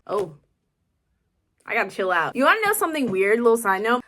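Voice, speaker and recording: Chatty excitable young woman vlogging. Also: a little high, normal speed. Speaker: book vlogger. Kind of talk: casual vlog chat.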